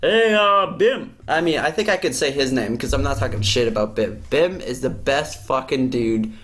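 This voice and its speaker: Speaking at medium pitch and a moderate pace, a male podcast host recounts a story from work. The conversation is casual, and his animated telling is full of profanity.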